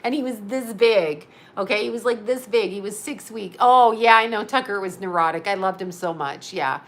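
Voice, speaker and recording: A woman's voice: medium pitch, moderate pace. A middle-aged woman rambling through a casual storytelling monologue as host, chatty, laughing often and acting out what others said.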